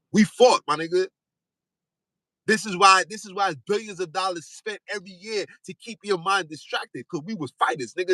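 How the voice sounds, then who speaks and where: This is a fiery, insistent man's voice, pitched high, from a podcast host delivering a preaching monologue. He repeats himself and escalates to shouting. The audio is rough and has no room sound.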